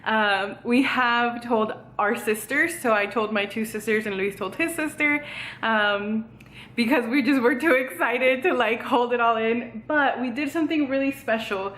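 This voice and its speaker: A woman's voice: fairly high pitch, unhurried, fairly bright tone. A young woman, out of breath, chatting in a bubbly, rambling vlog with lots of "like" and "um", filmed on a tripod camera at home. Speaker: vlogger. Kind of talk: casual vlog chat. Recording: echoey room.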